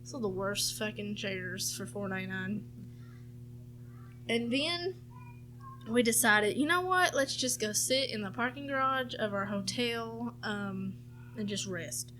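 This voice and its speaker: Kobieta po trzydziestce z południowym akcentem USA, gawędząca w podcaście, barwnie i z przekleństwami odgrywająca kwestie bliskich. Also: female voice, medium pitch, a little slow, a little hiss or hum. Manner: animated, swears freely, acts out family members' lines. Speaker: podcast co-host. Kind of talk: casual storytelling chat.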